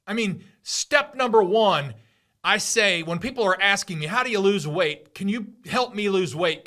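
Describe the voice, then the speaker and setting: A man's voice: high voice, sharp tone. A middle-aged man hosting a podcast, giving an emphatic motivational monologue with lots of repetition. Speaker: podcast host.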